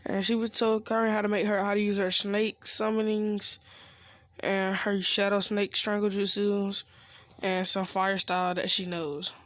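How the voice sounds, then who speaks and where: A man's voice: sits high, level tone, a little slow, a bit bright, no echo. A man casually improvising a fan-fiction story, rambling with slang asides.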